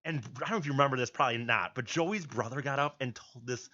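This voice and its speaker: A man's voice: mid-range voice, sharp tone, highs cut off. A man co-hosting a podcast, rambling in casual chat with restarts and swearing. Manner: rambling, halting, swearing, calls people dude. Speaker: podcast co-host.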